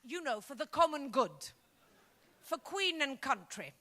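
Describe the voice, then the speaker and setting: A woman from Greece performing a stand-up comedy set, animated and breaking into shouted character voices. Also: sits high, a little slow.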